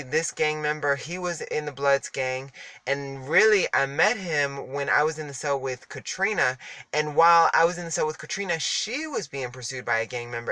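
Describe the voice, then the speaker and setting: A man's voice: medium pitch, pushed and bright. A young man telling a candid story in a casual, chatty monologue, with sassy asides and frequent laughs. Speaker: vlogger.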